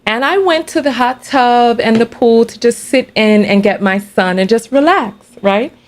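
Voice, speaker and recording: A woman's voice: fairly high pitch, moderate pace. Chatty woman hosting a livestream. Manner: animated, chatty, laughs between remarks. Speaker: livestream host. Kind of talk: casual livestream storytelling.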